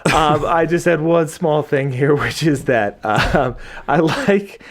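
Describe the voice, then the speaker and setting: A man's voice: on the high side, slow. A man co-hosting a casual podcast, easygoing and wry, often chiming in with short agreements. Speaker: podcast co-host.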